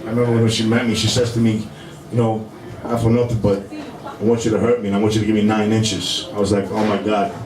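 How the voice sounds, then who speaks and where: A man's voice: fairly low pitch, flat delivery, fast, distant mic, a crowd in the background. A middle-aged man with a New York accent doing a rambling stand-up comedy set to a live club audience, peppering everything with "you know". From Brooklyn, New York. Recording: echoey club room with noisy ambience.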